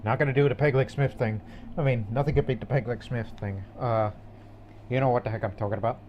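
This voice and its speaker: A man's voice: mid-range voice, fairly even intonation, fast, highs cut off, slight background noise. A man rambling through casual, jokey commentary while playing a video game. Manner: rambling and jokey, with many restarts. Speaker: gaming channel host. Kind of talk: casual let's-play commentary.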